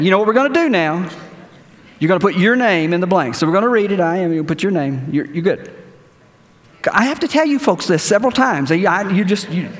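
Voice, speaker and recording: Guy pastor preaching, kinda high voice, big church echo. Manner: conversational preaching with anecdotes, ends in prayer. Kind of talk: sermon. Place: church sanctuary. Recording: church hall reverb.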